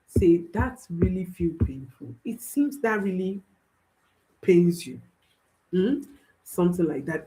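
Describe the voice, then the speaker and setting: A woman's voice: fairly low pitch, big pitch swings, a little slow, a little mellow, low-quality recording. A woman speaking as a parenting coach, giving an instructional talk and repeating key phrases for emphasis while reassuring listeners directly.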